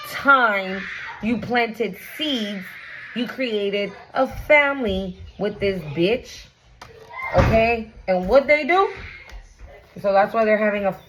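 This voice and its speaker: A woman giving a casual tarot reading to camera, blunt and profane, talking straight to the viewer and often asking "right?". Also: mid-range voice. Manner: animated, often exclaims and asks "right?". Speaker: tarot reader.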